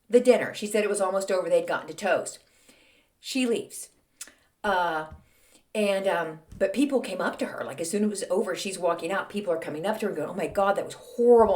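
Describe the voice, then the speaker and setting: Chatty woman host. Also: medium pitch. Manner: chatty, conversational, many fillers like "um" and "like". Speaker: podcast host. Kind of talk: casual chatty storytelling.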